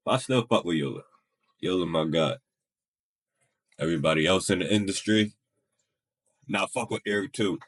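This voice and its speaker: A man with a fairly low, husky voice talks over a clip in casual reaction commentary. He is blunt and profane, breaking into laughs between remarks. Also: expressive, measured pace, pauses often. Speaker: reaction streamer.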